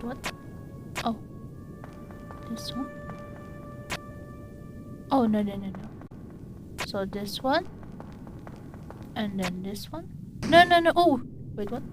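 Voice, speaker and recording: A woman streamer giving casual gameplay commentary, jumpy and giggly, easily startled. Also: fairly high pitch.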